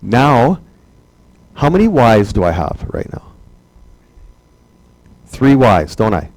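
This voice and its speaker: A man's voice: mid-range voice, very animated, slow pace, a little mellow, dry recording, poor audio. A man teaching a math class, chatty and joking, asking rhetorical questions over and over. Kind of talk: classroom lecture.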